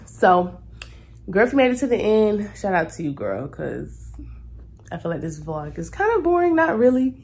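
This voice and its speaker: A young adult woman vlogging to camera, telling a story in a casual, animated and exasperated way with colloquial asides. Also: on the low side, husky.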